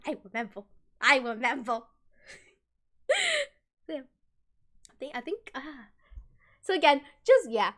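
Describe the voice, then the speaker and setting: Young female streamer, high, swooping voice, giggly storyteller who acts out every quote. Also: expressive, a little slow, long pauses, fairly bright tone. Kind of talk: casual storytelling to live chat.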